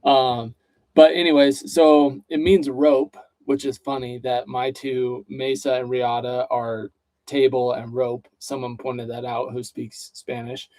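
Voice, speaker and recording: A man's voice: mid-range voice, flat delivery, measured pace, a little mellow, no room sound. A man co-hosting a casual livestream chat, reading out viewer questions in an easygoing way. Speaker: co-host.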